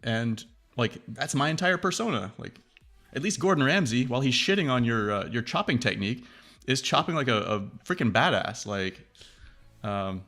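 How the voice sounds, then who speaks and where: A man hosting a casual tech chat, rambling and profane, acting out quoted reactions in a lively way. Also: mid-range voice, moderate pace, soft background music. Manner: animated, acts out quoted reactions.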